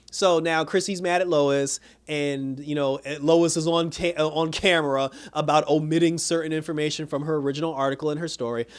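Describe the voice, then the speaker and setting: A man casually recapping a TV episode, retelling scenes with acted-out quotes and breaking into laughs. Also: fairly high pitch. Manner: animated retelling, acts out quotes, laughs at the plot. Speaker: TV show reviewer.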